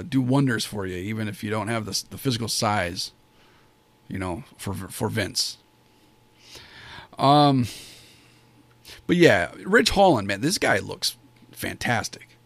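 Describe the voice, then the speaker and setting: A man talking through a wrestling show review in a loose, rambling way, full of fillers and restarts. His pitch sits in a middle range for a man, and the sound is dry and close, with no room around it. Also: dry recording. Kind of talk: casual spoken review.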